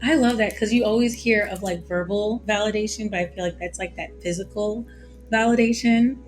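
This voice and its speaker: A woman's voice: medium pitch, fairly quick, faint music behind. A woman hosting a podcast interview, chatty and affirming, often saying "um" as she frames questions and thanks her guest. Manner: warm affirming, chatty, many fillers. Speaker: podcast host.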